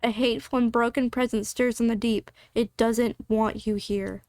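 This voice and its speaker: A woman reading a visual novel's narration aloud for her channel, at a steady, even pace. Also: fairly high pitch, normal speed, no room sound.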